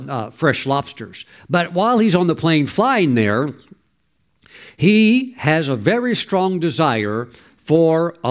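Man preaching with exclamations. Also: a little high. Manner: storytelling, exclamatory, calls for amen. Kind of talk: sermon.

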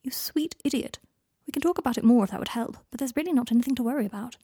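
A woman's voice: on the high side, very fast, warm tone, slightly rough, no echo. A woman voicing a wry, teasing young man in a read-aloud story, fond and playful in manner.

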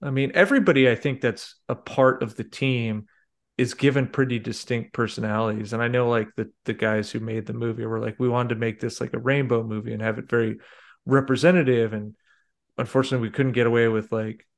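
A man's voice: mid-range voice, fairly even intonation, brisk. A man hosting a podcast, chatting casually about a movie with rambling, filler-heavy talk. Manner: rambling, lots of fillers and restarts. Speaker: podcast host.

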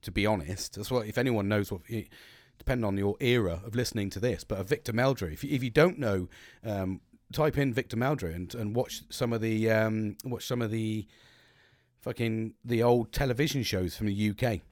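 A man's voice: lowish voice, moderate pace, a little mellow, dry recording, clean studio sound. A man hosting a podcast, talking casually, swearing a lot and rambling with restarts. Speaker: podcast host.

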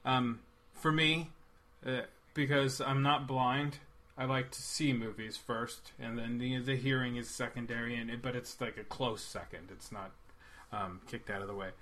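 A man co-hosting a casual movie review chat, animated and rambling, quick to joke. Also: medium pitch. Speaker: podcast co-host.

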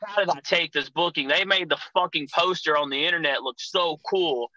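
A young man with a very bright, forward voice swaps profane wrestling road stories at a quick, rambling clip. His sound is dry and close, with no room around it. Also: a little high, dry recording, poor audio. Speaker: guest, pro wrestler. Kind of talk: casual podcast chat.

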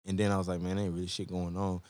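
A man's voice: deep voice, level tone, fast, darkish tone, no room sound. A man guesting on a casual podcast, telling loose, profane stories full of quoted asides. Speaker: guest musician.

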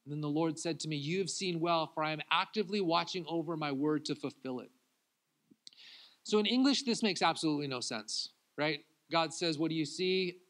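A man, a pastor, preaching a sermon who swings between loud acted-out pleas and quiet confiding talk, laughing often. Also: on the high side, a little fast.

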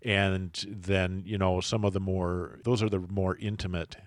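A man's voice: low voice, level tone, a little slow, dry recording, clean studio sound. A man co-hosting a casual podcast, talking in a thoughtful, rambling way with many fillers. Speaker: podcast co-host.

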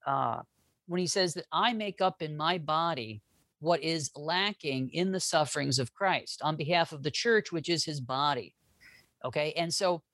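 Guy explaining history on a podcast, jokey and animated, restarts sentences, dry sound. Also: a little high, no room sound. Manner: animated, joking, restarts often. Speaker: guest historian. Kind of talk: casual interview talk.

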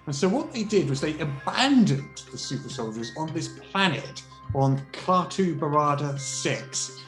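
A man narrating as game master of a tabletop role-playing game, telling the story in a relaxed, rambling way. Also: on the high side, unhurried. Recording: roomy echo, faint music.

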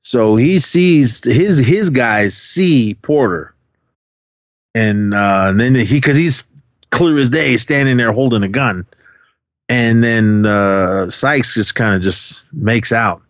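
A man's voice: medium pitch, slow pace, no echo. A man co-hosting a podcast, casually retelling a film's plot in a rambling way with lots of fillers and quoted lines. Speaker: podcast co-host. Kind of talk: casual film recap chat. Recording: dull dry lo-fi sound.

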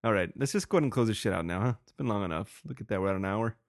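A man's voice: on the low side, expressive, racing, no echo, studio quality. A young man hosting a casual solo podcast, rambling with lots of swearing and laughing. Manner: profane, rambling, laughs often. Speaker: podcast host.

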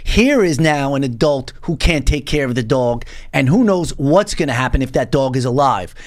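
A man's voice: medium pitch, animated, moderate pace. A man hosting a podcast interview, asking probing, leading questions. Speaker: podcast host.

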